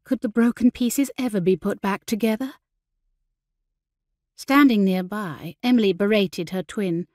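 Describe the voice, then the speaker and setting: This is scripted narration of a period audiobook by a female narrator whose medium-pitched voice tells the story in a measured, expressive way. The sound is clean studio quality and dry.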